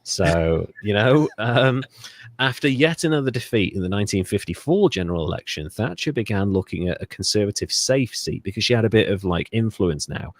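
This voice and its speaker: A man from Britain with a lowish, expressive voice speaks briskly as co-host of a history podcast. His casual, rambling storytelling comes across sardonic and profane.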